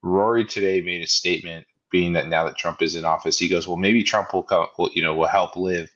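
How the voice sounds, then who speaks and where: Young male podcast co-host, deep voice, rambling and laughing, lo-fi sound. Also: steady tone, fairly quick, fairly bright tone. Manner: rambling, laughs often, acts out kids' voices. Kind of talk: casual chat.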